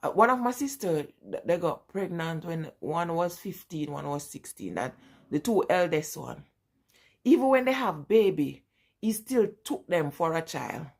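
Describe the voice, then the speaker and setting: A woman's voice: fairly low pitch, big pitch swings, measured pace, vocal fry, a little mellow. A middle-aged woman with a Jamaican accent telling family stories in a casual vlog, often breaking into laughter. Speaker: vlogger. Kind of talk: casual storytelling.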